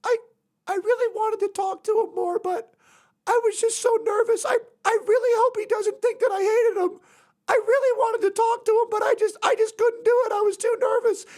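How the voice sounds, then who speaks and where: A man doing a shy, nervous young woman who frets in a high falsetto. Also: steady tone, normal speed, a little mellow. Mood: anxious, fretful.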